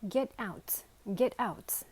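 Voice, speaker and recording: A woman voicing an anxious, fussy female lunchbox in a slow, quavering voice. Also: medium pitch, lively intonation, lightly acted. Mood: indignant. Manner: quavering, flustered.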